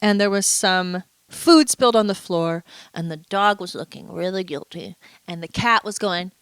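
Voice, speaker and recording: A woman's voice: mid-range voice, normal speed, clean tone, dry recording. A woman vlogger in a casual, chatty monologue, playful and full of asides, a little stuffy and under the weather. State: stuffy, feeling unwell.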